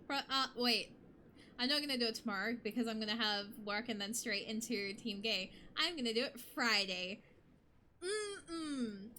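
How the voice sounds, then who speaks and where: A woman's voice: on the high side, bright, forceful tone, slight background noise. A young adult woman streamer chatting casually with her viewers, bubbly and rambling, often laughing.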